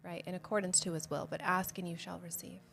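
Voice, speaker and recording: A woman's voice: fairly low pitch, little pitch movement, quick pace, creaky, fairly bright tone, faint music behind. A woman hosting a livestreamed devotional Bible teaching, speaking earnestly and conversationally to her viewers and candidly sharing her own struggles of faith. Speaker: host of a Bible study show.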